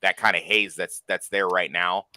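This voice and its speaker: Bright, dry-sounding man joking bluntly. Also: low voice, steady tone, moderate pace, clear, resonant tone, dry recording. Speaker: stream guest, army veteran. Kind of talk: casual chat. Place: small college town near Kansas City.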